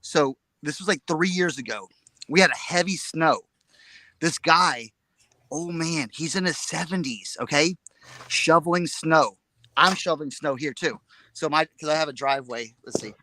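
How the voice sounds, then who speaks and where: A man co-hosting a casual live chat, telling a story in an excitable, rambling way and repeating his words. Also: fairly high pitch, normal speed. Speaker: reseller show co-host.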